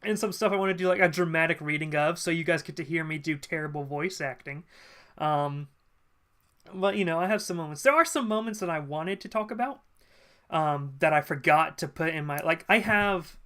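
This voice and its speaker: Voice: medium pitch, fairly bright tone. Chatty live streamer talking to chat. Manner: chatty and loose, with frequent ums and quick laughs. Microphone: desk mic at a computer.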